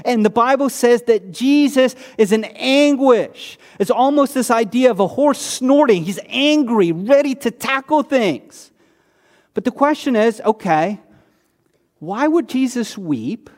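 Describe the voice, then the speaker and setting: A male pastor with a high voice gives a sermon in plain, chatty language. He asks his listeners questions and answers them himself, sinking low and quiet on the words he stresses. The long reverb of a church hall trails after him. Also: expressive, unhurried. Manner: conversational preaching with rhetorical questions, dropping low on key words.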